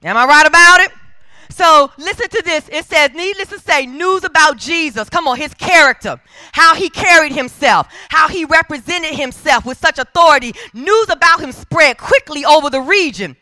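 In a fervent church sermon, a woman preacher keeps calling on the congregation to answer her as she drives each point home in emphatic call-and-response style. Her very high voice is bright, forceful and animated at a normal speed, captured close and dry.

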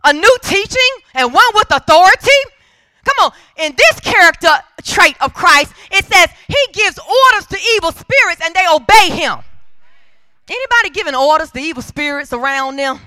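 A woman preaches a fervent church sermon in emphatic call-and-response fashion, again and again prompting the congregation to answer. Her voice sits very high, bright, forceful and animated, at a moderate pace. The close recording has no echo.

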